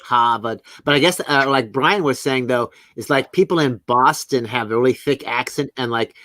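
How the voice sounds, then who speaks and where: A man's voice: mid-range voice, normal speed, pushed and bright, no echo. A man co-hosting a casual stream chat, talking at length with lots of fillers. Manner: chatty, explains at length with fillers.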